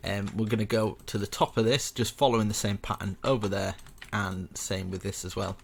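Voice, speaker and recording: A young man with a low, gravelly voice talks viewers through a building tutorial in a loose, chatty way. He rambles between steps and pokes fun at himself as he goes. Soft keyboard clicks tick away behind him. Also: little pitch movement, a little fast, slight background noise. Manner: chatty and rambling, self-mocking asides. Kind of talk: casual step-by-step game tutorial.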